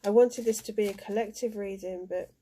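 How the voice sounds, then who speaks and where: Woman doing a card reading, mellow voice, emotional, lots of ums. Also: mid-range voice, steady tone. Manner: emotional, soft-spoken, halting with fillers. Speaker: tarot card reader. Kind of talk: spiritual card reading to camera.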